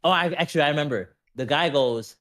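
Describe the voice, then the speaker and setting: A man, a streamer guest on a casual podcast, talking in an animated, rambling way and often saying "you know what I mean". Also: fairly high pitch, quick pace.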